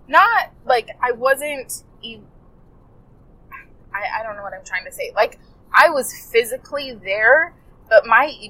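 A woman's voice: medium pitch, pushed and bright, slight background noise, low-quality recording. A woman coach telling a client story to her listeners in a casual, rambling, heartfelt way, often correcting herself mid-sentence. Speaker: health coach podcaster.

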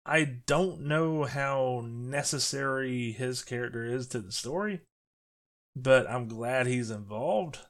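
A man's voice: mid-range voice, slow. A man co-hosting a casual movie podcast, talking things through in a thoughtful way and steering the conversation. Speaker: podcast co-host.

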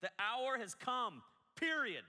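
A man preaching, acting out a man who shouts at sleepy followers to wake up and go, in loud, punchy short phrases in an echoey hall. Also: very high voice, very animated, slow pace, voice pushed up, heavily acted. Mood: urgent shouting.

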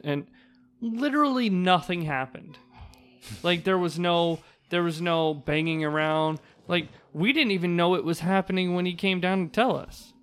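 A man co-hosting a podcast, telling stories in a casual, profane, animated way. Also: high voice, moderate pace, clear, resonant tone. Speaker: podcast co-host.

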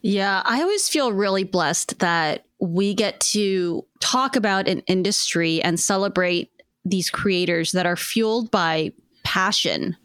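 A woman co-hosting a podcast, speaking in an animated, enthusiastic way. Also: medium pitch, unhurried, clean tone, no echo, studio quality. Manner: animated and enthusiastic, laughs easily. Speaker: podcast co-host. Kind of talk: casual podcast conversation.

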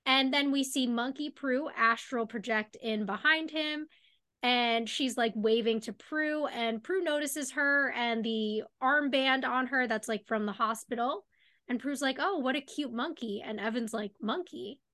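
A woman's voice: fairly high pitch, measured pace, sharp tone. A woman co-hosting a podcast, chatting casually about a TV episode and filling her talk with "like". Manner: chatty, lots of "like". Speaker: podcast co-host. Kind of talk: casual recap chat.

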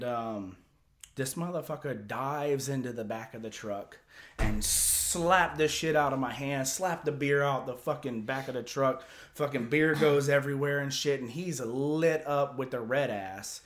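A man casually telling a long story as a podcast host, rambling and profane, with lots of filler words. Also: medium pitch.

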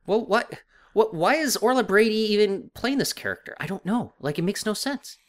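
A man co-hosting a casual podcast, griping in a wry, animated way with many fillers. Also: sits high, normal speed. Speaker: podcast co-host. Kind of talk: casual discussion of a TV episode.

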